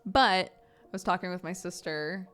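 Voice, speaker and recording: A woman streaming, chatting casually, laughing often and getting animated when she retells stories. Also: lowish voice, normal speed, soft background music. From United States. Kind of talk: casual livestream chat.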